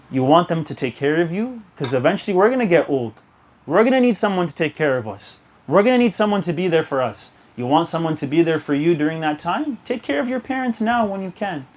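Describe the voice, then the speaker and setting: A young man giving an earnest sermon to a youth gathering, telling stories and urging listeners. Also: a little high. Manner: earnest, exhortative, storytelling. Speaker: youth speaker.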